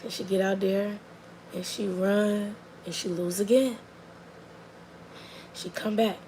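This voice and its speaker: Brief: young mom, gravelly voice, chatty, faint hiss behind. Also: female voice, medium pitch, slow pace, long pauses, low-quality recording. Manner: animated, chatty, lots of fillers. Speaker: mother. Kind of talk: casual storytelling chat. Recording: faint background noise.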